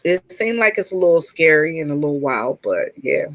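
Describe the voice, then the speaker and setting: A woman in a casual group chat telling a personal story in an earnest, open way, pausing and restarting as she goes. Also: low-pitched, animated, rough recording. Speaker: chat room participant.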